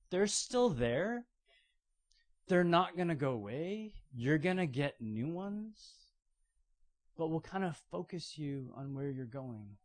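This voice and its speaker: Guy preaching, tells stories and does little voices, kinda high voice. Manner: storytelling with playful acted-out quotes. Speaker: pastor. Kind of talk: sermon.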